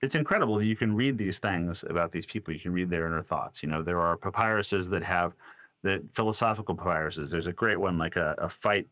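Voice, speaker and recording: A man telling a long story as a podcast guest, animated and quoting voices, with many restarts. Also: low voice, fairly quick, no room sound. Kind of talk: storytelling in a casual interview.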